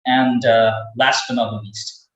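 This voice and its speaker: A man's voice: mid-range voice, steady tone, a little slow, fairly bright tone, highs cut off. Man rambling in an echoey room. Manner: rambling, many fillers and repeats. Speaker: webinar speaker on English accents. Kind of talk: webinar talk. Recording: echoey room, distant from the mic.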